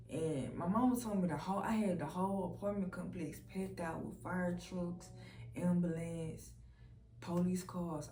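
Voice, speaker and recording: A woman's voice: fairly low pitch, warm tone. A young woman candidly telling her personal testimony in a casual, storytelling way, swearing freely and filling her speech with "like". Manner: candid, profane, lots of "like" fillers. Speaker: vlogger sharing a personal testimony. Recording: roomy echo.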